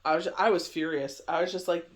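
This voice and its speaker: High-voiced chatty man. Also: steady tone, fairly quick. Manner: rambling, chatty, heavy on "you know" fillers. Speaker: tarot reader. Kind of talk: casual daily tarot reading.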